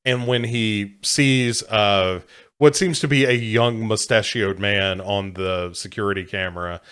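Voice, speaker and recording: A man's voice: lowish voice, steady tone, unhurried, fairly bright tone, smooth. A man summarizing a film plot in casual talk, with many fillers.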